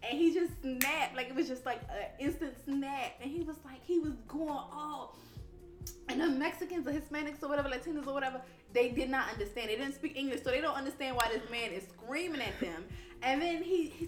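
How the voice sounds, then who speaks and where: A woman podcast host telling a story in casual, animated chat, swearing freely. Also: high voice, brisk, soft background music. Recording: roomy echo.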